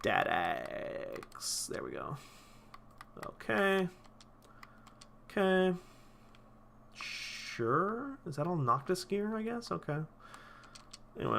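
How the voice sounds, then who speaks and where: A male streamer talking over his gameplay in loose, rambling commentary. His tone is bright and forward, and he swears freely while he enthuses about the game. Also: medium pitch, gravelly, a little hiss or hum.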